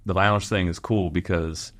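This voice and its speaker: A man from Los Angeles, a clothing store owner guesting on a podcast, telling rambling, animated anecdotes with frequent laughs. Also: sits low, normal speed. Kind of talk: casual storytelling interview.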